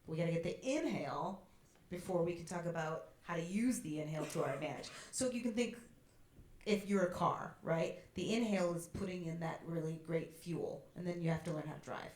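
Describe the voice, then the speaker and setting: Fairly quick and a little mellow, with a lowish pitch, a female voice teacher encourages a student during a master class. She demonstrates as she goes, using sung sobs. The recording comes from a roomy college teaching hall with faint ambience.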